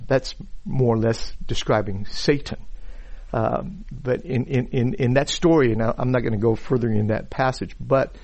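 A man who is a pastor, delivering a sermon in an unhurried way, often repeating words as he thinks and reading scripture aloud. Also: medium pitch, darkish tone, muffled recording. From Chinese background.

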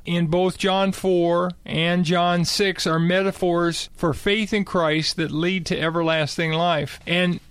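A man's voice: sits high, steady tone, slow pace, few pauses, a bit bright, clear, resonant tone, no echo. An older man co-hosting a casual Bible discussion, talking emphatically and repeating key words for stress. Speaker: co-host.

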